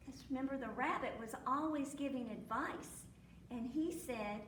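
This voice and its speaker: A woman's voice: high voice, animated, slow pace. A woman librarian reading a children's picture book aloud at storytime, acting out sneezes and animal sounds along the way. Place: library room. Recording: echoey room, mic at a distance, faint noise.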